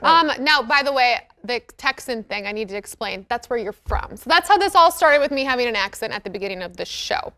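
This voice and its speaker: A woman's voice: a little high, animated, fairly quick, few pauses, sharp tone, clear, resonant tone. A woman co-hosting a morning TV show, bubbly and giggly in casual studio chat.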